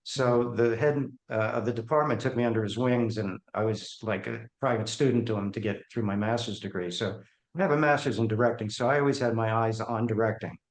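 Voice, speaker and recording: A man's voice: fairly low pitch, a little fast. Man telling stories in an echoey room. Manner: animated, acts out the voices in his anecdotes. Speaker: guest. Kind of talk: storytelling in an interview.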